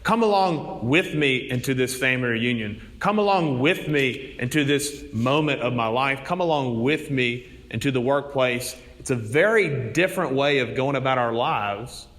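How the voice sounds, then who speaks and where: A man's voice: medium pitch, expressive, moderate pace, hardly any pauses, a bit bright, big-room sound. A man preaching a sermon, telling stories in an earnest manner. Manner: storytelling, earnest.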